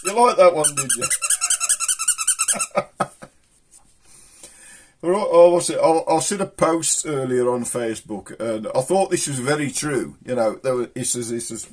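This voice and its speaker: A man's voice: medium pitch, normal speed, darkish tone, slight background noise. A middle-aged man with a Black Country accent, chatting casually to camera and telling jokes in a rambling way, chuckling at his own punchlines. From England. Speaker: channel host.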